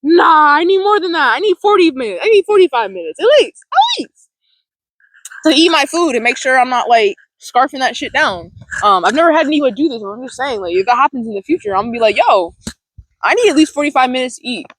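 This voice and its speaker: A woman's voice: sits high, sing-song, fast, fairly bright tone, dry recording, low-quality recording. A woman vlogging outdoors about setting boundaries, blunt and profane, rambling with restarts. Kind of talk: casual self-help vlog. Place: outdoors near a large tree. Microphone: phone or camera recording herself.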